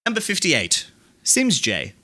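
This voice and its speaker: A man's voice: sits high, wildly swooping pitch, a little slow, bright, forceful tone. A man hosting a live stream, reading out chat quotes and reacting with dry asides and laughter. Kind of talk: casual live-stream commentary.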